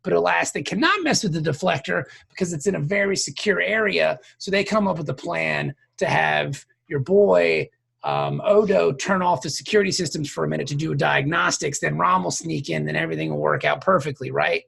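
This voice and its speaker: A man's voice: on the high side, fairly quick, vocal fry, a bit bright, breathy edge. A man co-hosting a podcast in casual chat, joking as he recaps the episode. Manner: joking, recaps plot with acted quotes. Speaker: podcast co-host.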